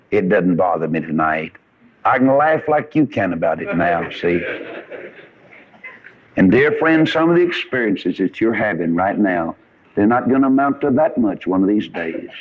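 A man preaching a sermon, telling folksy stories with rising and falling emphasis. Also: mid-range voice. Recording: dull lo-fi radio recording.

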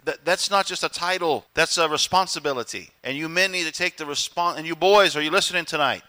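A man's voice: a little high, fairly quick. A man preaching a sermon as pastor, often acting out quotes in other voices. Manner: animated preaching, acts out quotes.

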